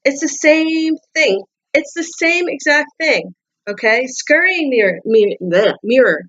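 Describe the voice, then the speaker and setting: High-voiced woman giving a tarot reading. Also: expressive, slow pace, a bit bright, dull audio. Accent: non-native English accent. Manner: repetitive, restarts words, coaxing questions. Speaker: tarot card reader. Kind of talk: casual tarot reading to camera.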